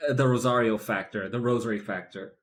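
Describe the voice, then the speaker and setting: A man's voice: on the low side, fairly even intonation, brisk. A man co-hosting a gaming podcast, trading joking banter in casual chat with plenty of swearing. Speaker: podcast co-host.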